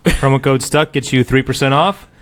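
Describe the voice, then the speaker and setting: A man's voice: medium pitch, fairly even intonation, moderate pace. A man co-hosting a casual podcast, doing jokey mock sponsor reads. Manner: jokey, fake-ad banter. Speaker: podcast co-host. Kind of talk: casual chat.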